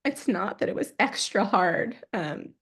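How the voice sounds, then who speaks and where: A woman in her forties, a podcast guest, telling a personal story in a lively, unfiltered way, acting out what people said. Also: medium pitch, a little slow, husky. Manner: animated, acts out quoted dialogue, swears freely.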